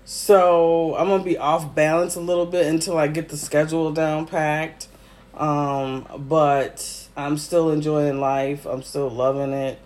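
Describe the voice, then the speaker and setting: A man's voice: a little high, level tone, unhurried, a little mellow. A man hosting a casual solo podcast, teary, emotional and effusive, with frequent ums. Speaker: podcast host.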